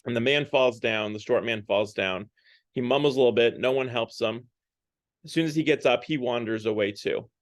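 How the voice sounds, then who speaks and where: A man's voice: medium pitch, normal speed, dry recording, clean studio sound. A man giving a casual Lent talk at a parish. He retells a story in a loose, conversational way, with plenty of fillers. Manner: conversational, loose, with many fillers and hedging words. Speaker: parish speaker.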